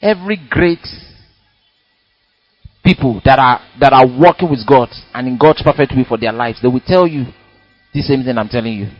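A man preaching a sermon in a church, animated and dramatic, acting out little quotes as he goes. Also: mid-range voice, moderate pace, pauses often, dry recording, highs cut off, soft background music.

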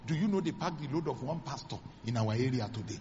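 A Nigerian man, a pastor, preaching a sermon as dramatic storytelling, acting out the dialogue with sudden high exclamations. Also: expressive, fast talker, darkish tone, long reverb tail, lo-fi sound, slight background noise.

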